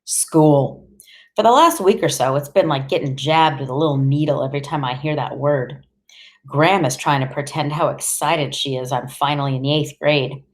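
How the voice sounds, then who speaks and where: A woman narrating an audiobook in the first person, with a deadpan, wry delivery. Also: deep voice, moderate pace.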